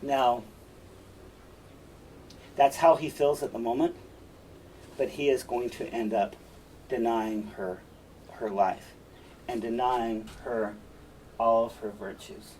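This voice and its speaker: A man teaching a classic play, walking through it line by line. He paraphrases each line in casual, emphatic words, in a voice of middle pitch. The mic sits some way from him and picks up a faint hum of the room. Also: fairly even intonation, slow pace, long pauses, a little mellow, distant mic, low-quality recording.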